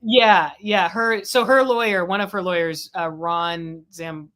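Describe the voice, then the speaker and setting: A woman's voice: on the low side, fairly even intonation, measured pace, fairly bright tone. A woman hosting a casual talk about a court trial, chatty and rambling with frequent restarts, speaking over a video call. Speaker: legal affairs host.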